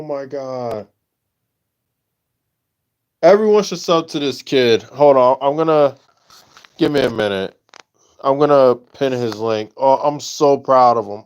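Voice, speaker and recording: A man of middle pitch speaks slowly on his livestream. He stops and restarts his phrases and repeats them as he talks with deep emotion. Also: a little mellow, smooth. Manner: halting, repeats himself, emotional. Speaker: livestream host.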